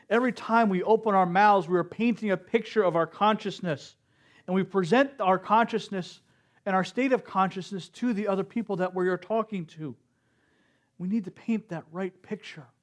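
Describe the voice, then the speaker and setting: A middle-aged man giving a slow, earnest sermon at a spiritual service, sometimes acting out quotes. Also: high voice. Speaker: speaker at a spiritual center service.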